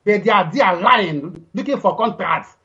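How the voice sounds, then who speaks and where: A caller speaking in a fervent, prayerful way, blessing the listener. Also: male voice, high-pitched, expressive, unhurried, pushed and bright, lo-fi sound.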